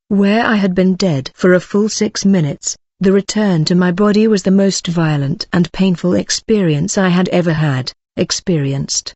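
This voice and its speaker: A woman narrates a first-person story in an earnest, dramatic way. Her voice sits on the low side, and the reading is clearly scripted. The recording is dry and slightly dull, with no room sound. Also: a little mellow, dry recording.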